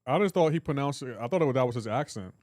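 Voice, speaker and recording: A man's voice: mid-range voice, expressive, racing, a little mellow, no echo. Male streamer, casual and joking, reading chat aloud on a live stream, dry close sound, mid-range voice.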